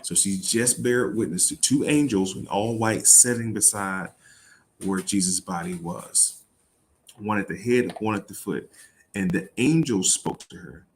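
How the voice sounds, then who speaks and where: A man's voice: lowish voice, unhurried, slight background noise. A man reading a Bible passage aloud and riffing on it in casual, irreverent talk, swearing and laughing. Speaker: host.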